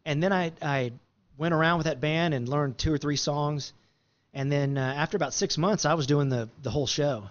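A man's voice: a little high, normal speed, muffled recording. A man telling a long story in a rambling, easygoing way, full of fillers and restarts. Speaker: guest musician. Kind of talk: casual storytelling.

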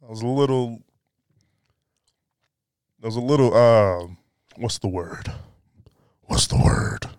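A man's voice: mid-range voice, measured pace, darkish tone, clean tone, no room sound, clean studio sound. A man hosting a casual solo podcast indoors, talking in a loose, joking, profane and rambling way. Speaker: podcast host. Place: indoors by a window. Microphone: podcast mic.

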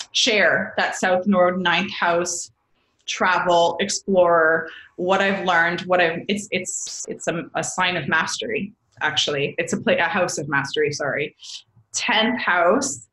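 A woman's voice: fairly low pitch, bright, forceful tone, echoey room, low-quality recording. A woman explaining astrology in a casual, rambling way, often correcting herself as a podcast guest. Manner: rambling, self-correcting, chatty, calls listener babes.

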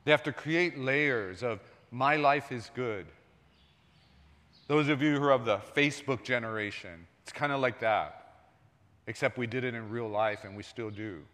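Guy preaching at church, chatty sermon, voice goes quiet then loud, echoey hall. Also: mid-range voice, moderate pace. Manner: conversational preaching, jumps between soft and loud. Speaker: pastor. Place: church sanctuary. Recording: long hall reverb.

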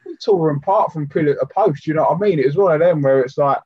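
Chatty bloke, lo-fi remote line. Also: male voice, fairly high pitch, fast talker, husky, no echo. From United Kingdom. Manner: chatty, full of fillers and "do you know what I mean". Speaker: podcast co-host. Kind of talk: casual chat.

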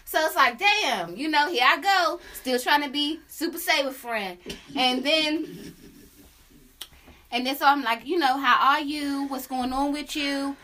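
A young adult woman hosting a podcast, telling a story in casual chat, animated and profane, with sung la la la asides. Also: high voice. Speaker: podcast host.

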